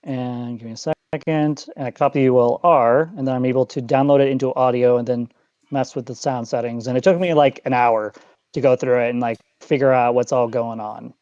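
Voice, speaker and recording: Guarded American caller on a dull line. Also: male voice, mid-range voice, steady tone, a little fast, a little mellow, no room sound. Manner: guarded, dismissive, matter-of-fact. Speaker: guest caller. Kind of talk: casual call-in chat.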